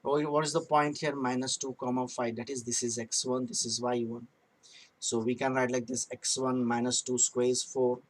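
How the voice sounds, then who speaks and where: A man's voice: mid-range voice, rough recording. A man teaching a math lesson, working through sums aloud step by step and repeating key phrases.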